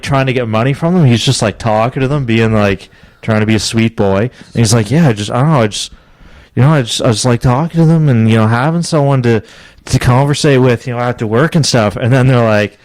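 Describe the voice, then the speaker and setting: In a relaxed podcast chat, this young co-host tells a long, meandering story, bursting into laughter and squeaky high voices whenever he quotes someone. His voice is a little mellow, and there's no echo.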